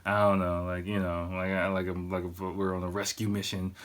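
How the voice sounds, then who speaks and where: A man's voice: deep voice, flat delivery, fairly quick. A middle-aged man hosting a podcast, telling a casual story full of swearing and fillers like "you know" and "like". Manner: profane, laid-back, loose with fillers like "you know" and "like". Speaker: podcast host.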